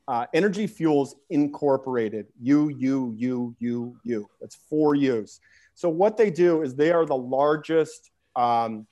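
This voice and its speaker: Rambling joking man, higher voice. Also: darkish tone. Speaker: podcast co-host. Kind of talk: casual chat.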